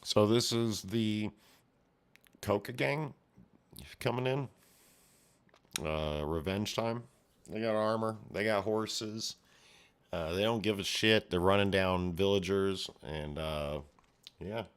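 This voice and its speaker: A man's voice: on the low side, slow, pauses often, smooth. A man giving casual, rambling commentary while reading a comic aloud, making his own sound effects. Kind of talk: casual read-along commentary.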